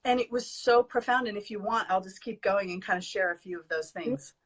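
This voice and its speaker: A woman's voice: medium pitch, fairly quick. A woman guest earnestly sharing a personal spiritual experience, emotional and sincere, at times reading from her notes. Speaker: guest, spiritual advising student. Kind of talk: heartfelt personal sharing in an interview.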